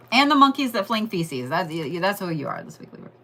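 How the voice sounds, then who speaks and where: A woman's voice: lowish voice, very animated, a little fast, sharp tone, a little hiss or hum. A woman giving a casual, rambling astrology reading, joking and swearing as she talks straight to her listeners. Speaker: astrology and Reiki host.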